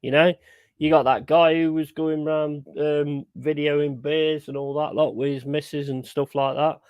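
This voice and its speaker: A man's voice: fairly high pitch, level tone, unhurried, smooth, no echo, dull audio. A young man chatting casually on a live stream, blunt and sweary, repeating his points for emphasis. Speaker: streamer hosting a football watchalong.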